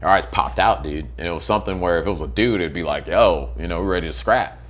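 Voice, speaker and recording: A man with a fairly low voice speaks as a guest in a conversation. He tells his story bluntly and swears freely. He acts out the other people in it with sudden leaps in pitch and volume. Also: fast talker. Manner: acts out quotes with big swings in pitch and loudness. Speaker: interview guest.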